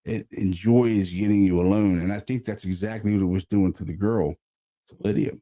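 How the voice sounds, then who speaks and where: A man, a paranormal investigator, casually telling a story about an investigation, animated and sprinkled with swearing and fillers. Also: on the low side, moderate pace.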